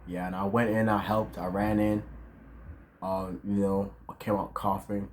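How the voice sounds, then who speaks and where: A man's voice: fairly low pitch, little pitch movement, normal speed. A man of twenty in a casual, reflective vlog monologue, full of slang and fillers, talking outdoors at dusk. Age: 20s. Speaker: vlogger.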